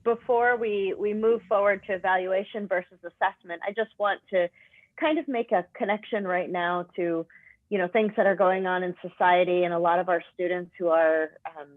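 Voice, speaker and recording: A woman's voice: lowish voice, steady tone, moderate pace, dry recording. A woman co-hosting a webinar, adding thoughtful, somewhat hesitant commentary. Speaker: webinar co-host. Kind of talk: conversational commentary. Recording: tinny phone-like audio.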